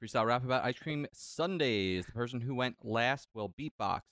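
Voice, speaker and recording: A man's voice: medium pitch, expressive, moderate pace, a bit bright, no room sound. A goofy man in a casual drinking-game chat, egging the others on.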